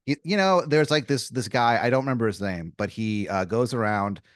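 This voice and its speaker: Brief: male podcast host, middle pitch, loose rambling delivery, dry close mic. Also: brisk, clean tone, no room sound. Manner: rambling, hesitant setup full of restarts. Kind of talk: improvised comedy podcast.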